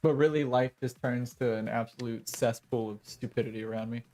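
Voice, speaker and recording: A man's voice: mid-range voice, fairly even intonation, brisk, darkish tone, faint music behind. A young adult man streaming a game, chatting casually in a rambling, joking, self-mocking way. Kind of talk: casual gaming commentary.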